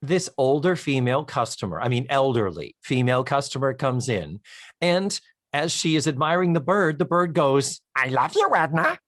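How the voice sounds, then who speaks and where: A man co-hosting a podcast, retelling a sitcom episode with animated storytelling, acting out its lines and swearing for comic effect. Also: medium pitch, normal speed, no echo, studio quality. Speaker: podcast co-host. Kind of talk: casual recap chat.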